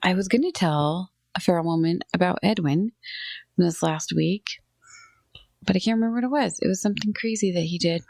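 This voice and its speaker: A woman in her thirties chatting as a podcast co-host, quick and giggly as she tells her stories. The recording is dry and close, with no room sound. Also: fairly low pitch, vocal fry, a little mellow, no room sound. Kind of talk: casual chat.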